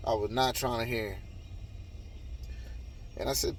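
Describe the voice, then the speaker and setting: A man in the middle of his pitch range tells a story in a loose, casual monologue. He sounds heated and swears constantly, often circling back to repeat himself as he talks. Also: unhurried, pauses often. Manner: profane, heated, repetitive retelling. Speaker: vlogger telling a story.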